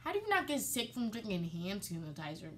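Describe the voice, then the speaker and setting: A woman vlogger telling a story in a chatty, animated way, full of fillers. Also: medium pitch, a little fast, over music. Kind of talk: storytime vlog.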